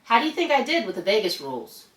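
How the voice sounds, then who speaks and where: A woman instructor giving an upbeat lesson straight to the viewer, with a lively, chatty manner. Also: fairly high pitch, quick pace, echoey room. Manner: upbeat, animated, addresses viewer directly. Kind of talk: instructional presentation.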